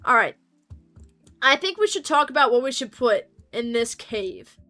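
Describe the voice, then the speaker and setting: A woman's voice: fairly high pitch, sing-song, unhurried, sharp tone, faint music behind. A woman livestreaming a game, chatting casually and playfully to her viewers, rambling from one topic to the next. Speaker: streamer. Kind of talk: casual gaming livestream chat.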